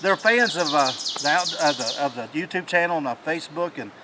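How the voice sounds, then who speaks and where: A man with a slightly high voice tells a hunting story outdoors in the mountains. He rambles, restarts and gets excited. A faint hiss of the woods sits under his voice. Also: brisk. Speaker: hunting channel host. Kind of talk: casual chat after a hunt.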